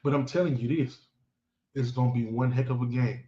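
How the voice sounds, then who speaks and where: A man's voice: mid-range voice, fairly even intonation, a little fast, warm tone. A man giving boastful, taunting football commentary as a fan vlogger. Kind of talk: trash-talking football commentary. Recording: echoey room, dull lo-fi sound.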